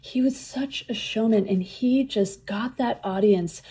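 A woman's voice: on the high side, a little slow, dark tone, husky. A woman telling enthusiastic stories as an interview guest, often laughing as she talks. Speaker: museum program leader and guest. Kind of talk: conversational interview storytelling.

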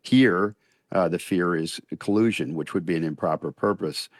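An older man with a very deep voice speaks as a radio interview guest. He weighs each phrase and pauses often. The sound is dry and close, with no room around it. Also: dry recording. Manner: measured and deliberate, frequent "uh" pauses. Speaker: retired federal judge, interview guest.

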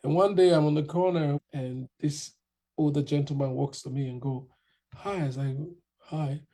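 Brief: young man, gravelly husky warm voice, lively storyteller doing voices. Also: fairly high pitch, moderate pace. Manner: animated, quotes others in raised voices. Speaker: interviewee. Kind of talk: casual storytelling.

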